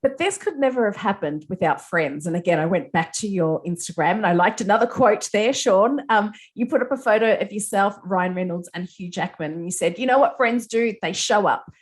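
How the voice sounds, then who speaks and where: A woman hosting an entertainment interview, effusive and quick to laugh. Her voice sits at an average pitch. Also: animated.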